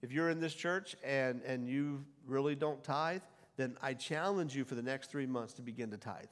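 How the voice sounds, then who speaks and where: A middle-aged male pastor preaching to a congregation, rising into loud scripture quotes and dropping back to conversational asides. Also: mid-range voice, moderate pace. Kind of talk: sermon. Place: church sanctuary before a congregation. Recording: long hall reverb.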